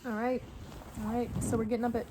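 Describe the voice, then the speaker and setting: A woman's voice: a little high, little pitch movement, quick pace, noisy background. A young woman vlogger in casual chat, asking questions and adding teasing remarks. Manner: teasing, short questions and reactions.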